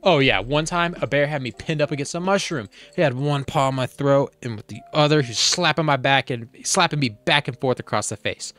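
A man reading a film script aloud for comedy, doing all the character voices himself and adding dry asides. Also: fairly quick. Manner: jumps into high, loud voices for the characters, then back to dry asides.

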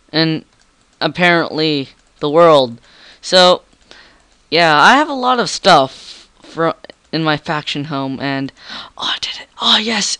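A man's voice: fairly high pitch, pushed and bright, smooth, no room sound. A teenage boy doing goofy, rambling commentary over his game, with a frog in his throat. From Canada. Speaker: gamer. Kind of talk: gameplay commentary.

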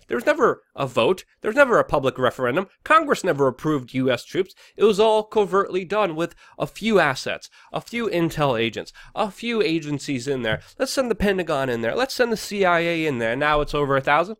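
A man hosts his own news commentary and rants hotly through it, stumbling over fillers and restarts. His voice sits a little high for a man. It sounds close and dry, with no room around it. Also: big pitch swings, fairly quick, few pauses, a bit bright, dry recording. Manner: heated, ranting, many fillers and restarts. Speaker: political commentary host.

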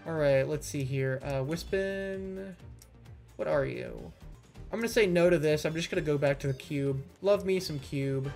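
A man's voice: on the high side, moderate pace, vocal fry, a little mellow. A man giving let's-play commentary, sarcastic and critical as he rants about the game he is playing. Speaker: gaming YouTuber. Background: faint game music.

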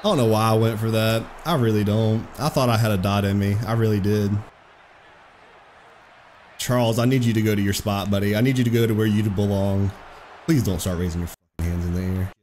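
A young man giving excitable, profane live commentary over his own football video game match, trash-talking his opponent. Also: lowish voice, brisk, a little hiss or hum. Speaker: gaming streamer.

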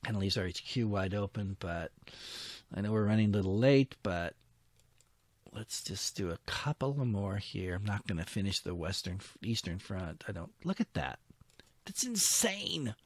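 He has a fairly low voice, a moderate pace, and no echo in the recording. Commentating his own strategy war game, he talks to his units under his breath and grumbles at setbacks when attacks fail.

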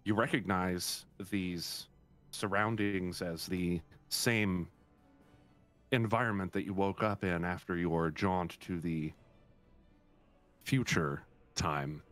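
Low-voiced male game master. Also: soft background music. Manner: relaxed, halting narration with many fillers. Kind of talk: narrating a tabletop game.

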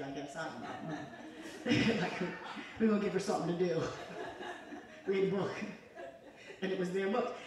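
A woman evangelist preaching a sermon in a church, fervent and conversational, drawing the congregation in with call-and-response. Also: fairly high pitch. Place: church sanctuary. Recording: echoey church hall from far off.

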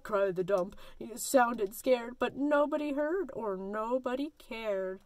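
A woman librarian leading a children's story time, reading a picture book and counting and singing in an animated, sing-song way for young kids. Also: on the high side, takes it slowly, no room sound.

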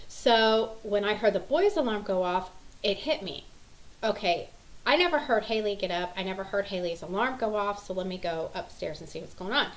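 Chatty mom vlogger, rambling casual storytelling with plenty of fillers and lively loudness. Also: female voice, medium pitch, moderate pace, low-quality recording. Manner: rambling, chatty, full of "you know" and "like". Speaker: mother of several children.

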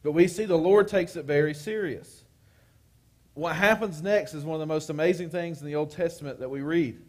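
A man's voice: on the high side, a little fast. A man preaching a live-streamed sermon, talking conversationally and often checking in with "right?". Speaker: pastor.

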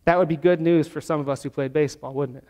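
A man with a high voice preaches to his congregation, working through the text verse by verse. He slows down to stress the key words. His voice rings with a long reverb in the church sanctuary. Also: steady tone, a little mellow. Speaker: pastor. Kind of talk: sermon.

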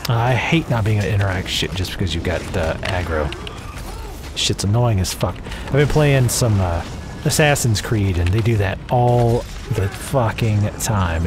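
A man from the American South with a Southern accent and a fairly low, expressive voice speaks at normal speed against a noisy background. He gives sarcastic, foul-mouthed let's play commentary through a home desk mic, rambling off on tangents.

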